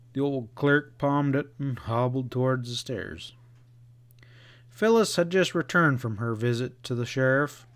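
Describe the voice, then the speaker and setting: A man narrating a western novel as an audiobook. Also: medium pitch.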